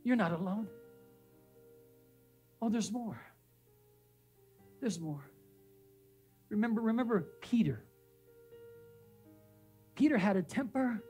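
A man's voice: sits high, animated, slow, long pauses, darkish tone, husky, faint music behind. A male pastor preaching a sermon in a church. He repeats names and phrases for emphasis and puts questions to the congregation. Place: church sanctuary.

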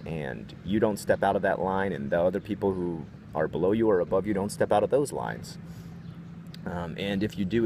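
Low-voiced man ranting in a vlog. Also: background noise. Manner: profane, rambling, animated retelling. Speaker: vlogger. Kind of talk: casual storytelling rant.

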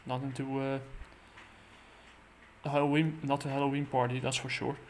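A man casually recapping a comic book plot, halting and full of fillers and restarts. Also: mid-range voice, level tone, a little hiss or hum.

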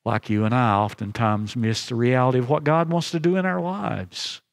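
A man's voice: medium pitch, vocal fry. Earnest man preaching in a reverberant chapel. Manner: earnest, halting restarts, slows for emphasis. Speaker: pastor. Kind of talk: sermon.

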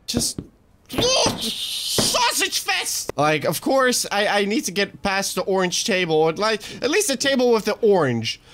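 A man hosting a let's play, commenting on his game and getting frustrated, swearing, talking himself down and shouting at the game. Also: sits high, sing-song, normal speed, hardly any pauses, noisy background. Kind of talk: gaming commentary.

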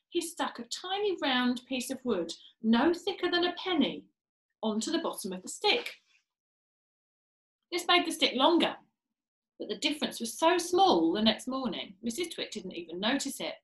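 A woman reading a children's book aloud, expressive and speaking straight to young listeners. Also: high-pitched. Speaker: storyteller. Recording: echoey room.

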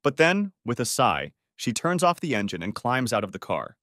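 A man narrates a story in an expressive audiobook style, with a lively, animated pitch over a mid-range voice. The sound is dry and close to the mic. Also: normal speed, dry recording. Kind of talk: scripted narration.

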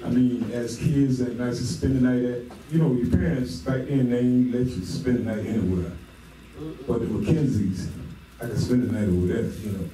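A man's voice: medium pitch, steady tone, moderate pace, dark tone. A man giving a eulogy for a childhood friend, a jovial storyteller who often breaks into laughter. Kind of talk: memorial speech. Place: memorial service hall. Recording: very echoey hall, distant mic, noisy.

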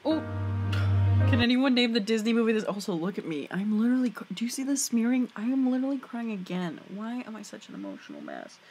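A woman chatting through a video reaction, her voice bouncing up and down as she exclaims. She sits somewhat high in her register. Soft music plays behind her. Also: fast talker. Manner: excitable, laughing, exclamatory. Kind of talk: casual reaction commentary.

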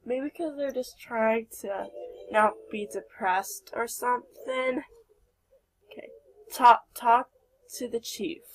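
A woman's voice: on the high side, slow pace. A young woman giving casual let's play commentary, chatty and giggly, talking to her game characters. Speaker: gameplay commentator.

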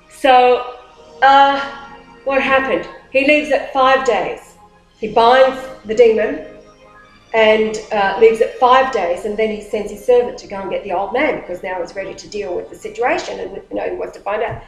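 A woman telling a story in casual talk, animated and rambling, often restarting her sentences. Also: mid-range voice, moderate pace, soft background music. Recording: roomy echo.

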